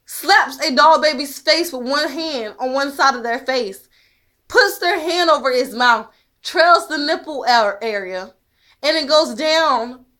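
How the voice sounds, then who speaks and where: A woman with a slightly high voice speaks straight to the camera in a long monologue. She is intense and emphatic, blunt enough to swear. She presses her points with pointed rhetorical questions. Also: bright, forceful tone. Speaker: mother.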